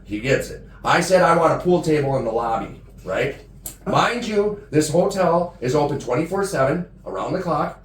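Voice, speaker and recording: A man's voice: on the high side, lively intonation, moderate pace. A man co-hosting a podcast, telling a long story in a rambling, profane way and saying "dude" constantly. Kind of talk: casual storytelling among friends. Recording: roomy echo, far from mic, faint background noise.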